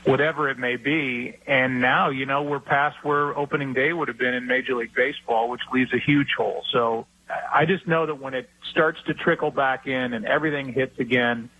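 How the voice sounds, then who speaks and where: A middle-aged man, a sports broadcaster, telling stories and giving his view in a relaxed talk-show interview. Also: mid-range voice, moderate pace, highs cut off.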